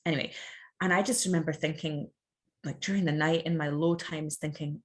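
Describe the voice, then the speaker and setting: Chatty low-voiced Scottish woman. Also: brisk. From Scotland. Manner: chatty and animated, full of fillers and quoted asides. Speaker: podcast guest. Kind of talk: candid conversational interview.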